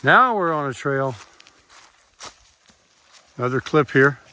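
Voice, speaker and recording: A man's voice: medium pitch, expressive, slow pace, sharp tone. An older man vlogging casually while hiking a wooded trail, chatting to viewers through his camera's built-in mic. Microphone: camera mic, no external microphone.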